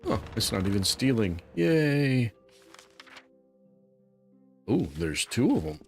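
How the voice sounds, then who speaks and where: A man hosting a relaxed let's play, chatting and musing aloud as he plays. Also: lowish voice, fairly quick, soft background music. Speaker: gameplay host.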